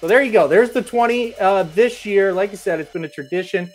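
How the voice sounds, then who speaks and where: A man's voice: high-pitched, brisk, soft background music. Joking male horse racing host. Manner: joking, chatty, laughs between remarks. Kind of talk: casual commentary reading viewer comments.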